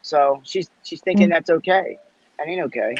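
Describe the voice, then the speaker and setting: A man's voice: fairly high pitch, moderate pace, noisy background. A man on an online panel, talking bluntly and with plenty of swearing in casual chat. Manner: blunt, profane, laughs at jokes. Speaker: panel guest. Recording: dull, lo-fi call audio.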